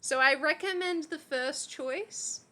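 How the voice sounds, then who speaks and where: A woman's voice: sits high, takes it slowly, bright, forceful tone. A woman giving a playful, mock-teacherly lesson on slang in casual stream chat, often giggling. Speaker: guest teaching Australian slang.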